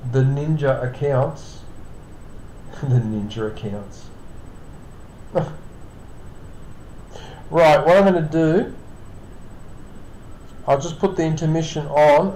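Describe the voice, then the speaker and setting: A man's voice: on the high side, steady tone, slow pace, pauses often, darkish tone, slight background noise. Tired rambling streamer guy in a roomy room. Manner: rambling, self-correcting, chatty. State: tired, yawning. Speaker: streamer host. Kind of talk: casual live-stream chat. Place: home apartment. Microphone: computer setup with webcam.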